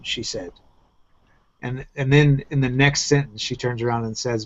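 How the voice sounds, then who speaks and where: A man's voice: medium pitch, steady tone, moderate pace. A man hosting a crude, casual round-table chat over a video call, talking bluntly and profanely in rambling runs full of restarts. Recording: muffled lo-fi online call.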